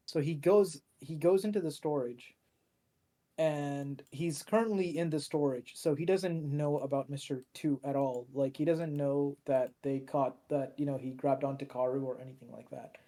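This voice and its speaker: A man's voice: a little high, unhurried, warm tone. A man co-hosting a podcast, recapping an episode in a loose, rambling way with lots of fillers and restarts. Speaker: podcast co-host.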